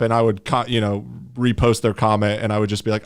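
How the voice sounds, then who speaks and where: A man's voice: medium pitch, fast talker, hardly any pauses, clean tone, no room sound. A young man hosts a casual podcast, talking bluntly and mocking his critics, swearing often. His voice sits in a middle register. The recording is dry and close, with no room sound. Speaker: podcast host.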